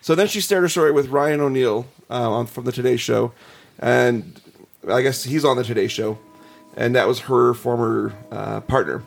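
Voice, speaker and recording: A man's voice: medium pitch, normal speed, creaky, faint music behind. A man hosting a casual podcast, reading ghost stories aloud with chuckles and asides. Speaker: podcast host.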